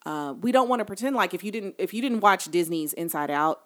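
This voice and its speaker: A woman's voice: lowish voice, expressive, a little fast, a bit bright. A woman in casual conversation, telling stories in an earnest, emphatic way.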